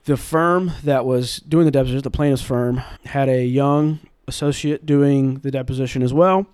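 A man in his twenties with a mild Southern accent, a general counsel telling animated stories as an interview guest. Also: medium pitch, smooth, no echo, studio quality. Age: 20s. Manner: animated anecdotes, brisk delivery. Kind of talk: storytelling in an interview.

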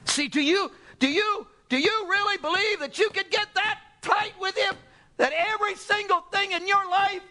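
A man preaching a sermon in an animated, exclamatory way, firing off rhetorical questions and sighing "oh, brother" asides. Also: very high-pitched, moderate pace.

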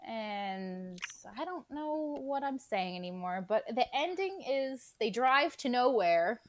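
A woman's voice: a little high, takes it slowly, no echo. A young woman co-hosting a casual podcast, ranting about a movie with swearing and acted-out quotes. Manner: animated, swears, acts out scenes. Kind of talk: casual chat, movie rant.

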